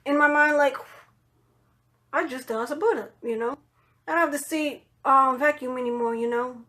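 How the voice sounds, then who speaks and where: A woman with a high voice tells a personal story off the cuff, rambling and full of "like" and "you know". She is blunt and swears freely. Her phrases often sink into a quiet mutter at the end. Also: steady tone, normal speed. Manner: drops to low murmurs at the end of phrases. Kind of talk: casual storytime monologue.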